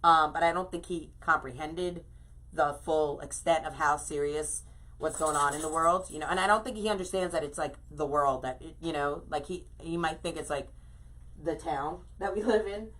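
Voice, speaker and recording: A middle-aged woman chats through a live crafting stream, gushing about products and greeting viewers by name. Her voice is bright and forward, sitting a little low in pitch. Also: moderate pace. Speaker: craft shop owner hosting a live stream. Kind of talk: casual live-stream chat while crafting.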